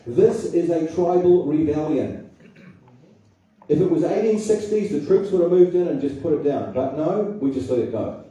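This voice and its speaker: A man's voice: fairly high pitch, dark tone. A man with a New Zealand accent giving a political seminar speech, emphatic and firing rhetorical questions at the audience. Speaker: public speaker. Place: public hall. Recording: very echoey hall, voice from far off.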